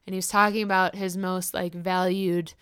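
A woman's voice: fairly low pitch, little pitch movement, normal speed, a bit bright, clean tone. A woman co-hosting a podcast in casual chat, rambling and searching for words as she tells stories. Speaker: podcast co-host.

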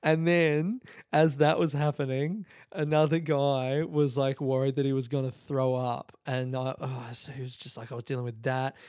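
A podcast host talks at a moderate pace with hardly any pauses, his mid-range voice flat and a little mellow, recorded in studio quality with no room sound. His casual storytelling monologue is full of swearing, laughter, and quotes delivered in other people's voices.

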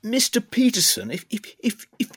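A man's voice: high-pitched, very animated, a bit bright, husky, no echo, studio quality, voice pushed up, exaggerated voice. A man putting on a prim, fussily polite posh male politician who hesitates and speaks very formally. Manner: halting, overly deferential, formal.

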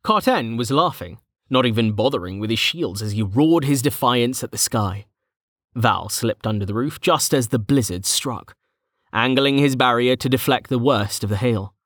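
Here a male audiobook narrator tells a fantasy story at an even, measured pace. The studio recording is clean with no room sound, and his voice is mid-range.

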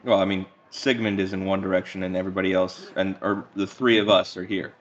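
A low-voiced man chats as a player in a tabletop game, wry and quick with a joke between questions. His mic sounds dull and lo-fi, as though it is muffled. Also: flat delivery. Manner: wry, joking, asks questions. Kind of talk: casual chat at a game table.

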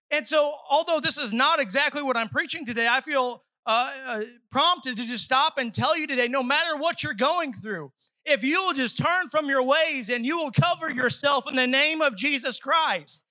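A man with a very high, bright voice preaches a sermon at a church service. He is earnest and dramatic, slipping into pleading voices, and the sound is dry and close. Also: moderate pace, no room sound, rough recording.

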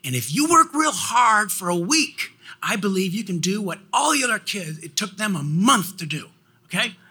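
A man voicing a kind woman schoolteacher who gently encourages a student. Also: sits high, very animated, normal speed, breathy edge, voice pushed up, heavily acted. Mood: encouraging. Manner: gentle, coaxing.

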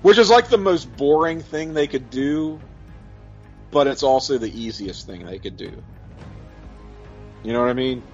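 A man co-hosting a casual podcast, joking at his own expense and working through ideas out loud. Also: mid-range voice, animated, measured pace, pauses often. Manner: self-deprecating, joking, thinks aloud with restarts. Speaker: podcast co-host. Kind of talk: casual chat. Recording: slightly dull lo-fi audio, faint music.

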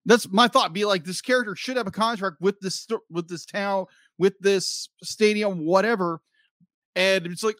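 A man's voice: high-pitched, normal speed, a bit bright, no room sound, clean studio sound. A man co-hosting a movie review podcast, ranting animatedly and acting out lines in casual chat. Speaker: podcast co-host.

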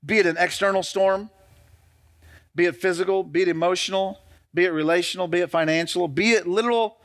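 A man's voice: high-pitched, steady tone, a little fast, a bit bright. A middle-aged man preaching a sermon as pastor, retelling scripture and asking the congregation call-and-response questions.

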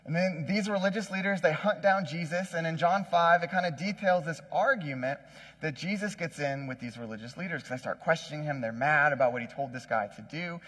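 A man's voice: a little high, fairly quick, a bit bright, husky. A man giving a casual, conversational sermon, often checking in with the listeners. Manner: conversational, says "like" and "right?" often. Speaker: preacher. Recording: long hall reverb.

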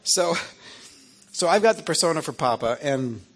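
A man in his fifties, an author telling a story to an audience in an animated, chatty way, often checking in with "right?". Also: fairly high pitch, normal speed. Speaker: author and speaker.

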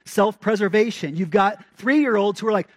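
A man delivering a sermon in a conversational yet emphatic way, with questions thrown at the congregation and phrases repeated for weight. His voice sits high for a man. The sound is close and dry, with no room echo. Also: moderate pace. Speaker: pastor.

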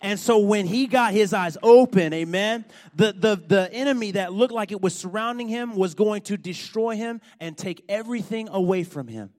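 High-voiced, fiery preacher. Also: male voice, normal speed, few pauses. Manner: animated storytelling, rising to loud emphatic points. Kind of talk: sermon.

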